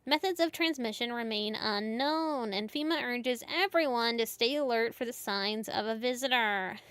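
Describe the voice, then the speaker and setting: A woman voicing a formal female TV news anchor in a video game, reading bulletins in a measured, official way. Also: on the high side, fairly bright tone, clear, resonant tone, dry recording, natural voice. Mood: grave. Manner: measured, official broadcast delivery.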